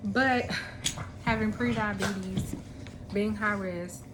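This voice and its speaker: A woman in her thirties talking casually to camera at home, relaxed and rambling with lots of ums. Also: medium pitch, slow, background noise. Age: 30s. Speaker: vlogger. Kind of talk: casual chat.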